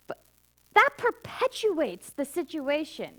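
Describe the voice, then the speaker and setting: A middle-aged woman preaching to her congregation in a relaxed, conversational way, her slightly high voice climbing when she presses a point. She slips between lifted emphasis and quiet, heartfelt asides. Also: slow, long pauses. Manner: conversational storytelling, swinging from emphatic highs to soft intimate lows. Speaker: minister. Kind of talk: sermon.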